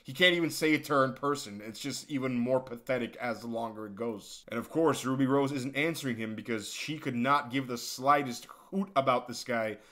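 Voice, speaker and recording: A man's voice: mid-range voice, a little fast, hardly any pauses, fairly bright tone. A young man giving sarcastic, mocking reaction commentary for an online video. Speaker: commentary youtuber.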